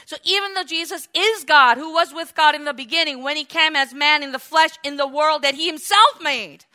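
A woman preaching a sermon in an animated way, acting out quotes and swinging between loud exclamations and quiet asides. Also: high voice, moderate pace.

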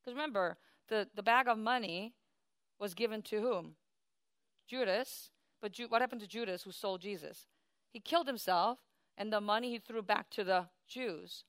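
A woman preaching a sermon, emphatic, swinging from soft asides to loud declarations and leading her congregation in call-and-response. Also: mid-range voice, normal speed, clean tone, no echo.

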